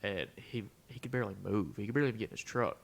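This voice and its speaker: A man's voice: on the low side, rapid-fire, creaky. A young man on a podcast, telling a long story in casual chat and acting out the quotes, dropping "bro" and "dude" often. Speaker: podcast co-host.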